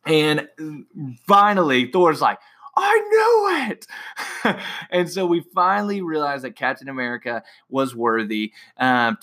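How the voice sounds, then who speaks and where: Young male film fan, bright tone, rambling and excitable. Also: mid-range voice. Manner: excited, rambling with many fillers and restarts. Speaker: movie reviewer. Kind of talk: casual movie recap.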